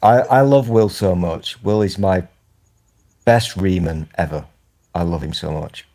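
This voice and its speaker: A man's voice: sits low, a little slow, mellow. A man chatting casually in a group discussion with dry, teasing humor. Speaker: panelist.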